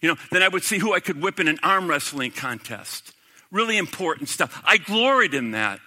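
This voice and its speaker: Middle-aged male preacher, impassioned sermon delivery, bright and fairly high voice. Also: animated, brisk. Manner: impassioned, swelling to emphatic peaks then dropping to hushed quotes. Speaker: pastor.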